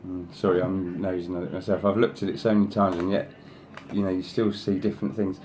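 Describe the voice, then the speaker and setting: Deep voiced guy showing off craft samples, pretty monotone, lots of "you know", faint hiss behind. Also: fairly quick. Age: adult, sister past thirty. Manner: effusive, rambling with many "you know"s; coaxes his pet in a higher voice. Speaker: craft channel host showing design samples. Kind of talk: casual show-and-tell.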